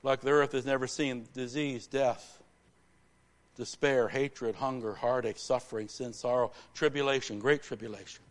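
Emphatic male pastor preaching. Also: medium pitch. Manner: emphatic repetition, swings from hushed to rousing. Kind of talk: live church sermon. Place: church sanctuary.

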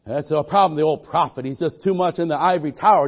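A man delivers a fervent sermon in a church, asking the congregation for amens. His voice sits high for a man. The recording is dull and a little muffled. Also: quick pace, slightly rough. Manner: fervent, call-and-response. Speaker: preacher.

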